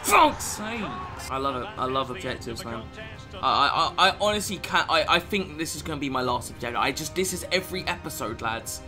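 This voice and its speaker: A young man commenting on his own football video game match, moving from quiet mutters to furious, swearing shouts. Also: medium pitch, animated, brisk, music in the background. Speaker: gaming YouTuber. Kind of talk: live gameplay commentary.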